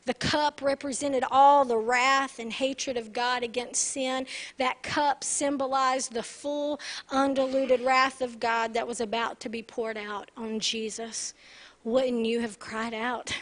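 Woman pastor, high voice, earnest sermon, asks the room "right?". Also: flat delivery, slow.

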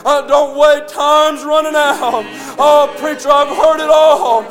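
A man preaching a sermon as pastor, in a chanting, sing-song style that rises to shouts. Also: very high-pitched, level tone, slow pace, faint music behind. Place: church sanctuary.

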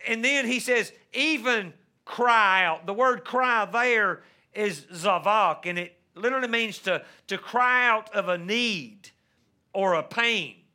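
A man preaching a sermon as pastor, with measured delivery that rises into impassioned pleading and a habit of repeating words as he starts a sentence. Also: sits high, bright, forceful tone.

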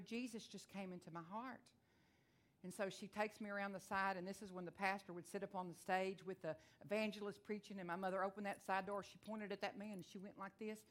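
Texan woman, guest preacher, folksy storyteller with a twang who swells into fervent declarations. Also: medium pitch. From Texas. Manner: fervent, builds to loud declarations. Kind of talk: testimony sermon.

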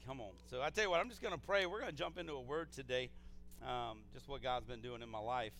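A man pastor preaching a sermon in a church, casual and energetic, with frequent restarts. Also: medium pitch, fast, slight background noise. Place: church sanctuary.

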